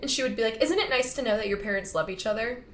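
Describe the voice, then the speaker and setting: A woman's voice: fairly high pitch, expressive, very fast. A young woman hosting a podcast, chatting in a giggly way with lots of fillers. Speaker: podcast host. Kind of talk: casual chat. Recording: roomy echoey room.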